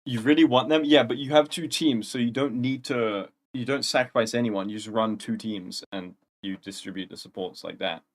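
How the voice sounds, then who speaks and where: A man's voice: medium pitch, moderate pace, hardly any pauses. A young man hosting a casual livestream, rambling through chat questions in gamer slang. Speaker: livestream host.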